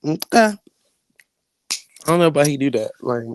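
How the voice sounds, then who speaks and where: A man chatting on a live online panel from home, brash and animated, laughing often and swearing freely. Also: a little high, moderate pace, no echo. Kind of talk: casual trash-talking chat.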